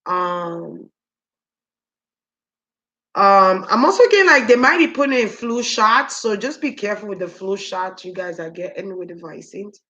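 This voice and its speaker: A woman giving a spiritual reading to her viewers, musing aloud with many pauses, ums and repeated words. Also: medium pitch, lively intonation, sharp tone. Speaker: spiritual reader. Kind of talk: psychic reading monologue.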